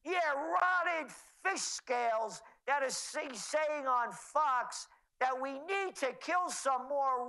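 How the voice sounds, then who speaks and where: A man's voice: very high-pitched, sharp tone, rough recording. A man speaking as a guest on a talk radio show, sarcastic and indignant, mocking the people he names. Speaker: guest commentator.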